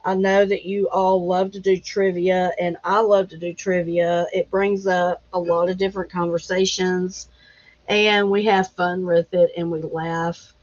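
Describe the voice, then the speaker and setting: Woman hosting a live chat, slow and chatty, dull lo-fi audio. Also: on the low side, flat delivery. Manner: chatty, greets viewers by name, laughs easily. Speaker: livestream host.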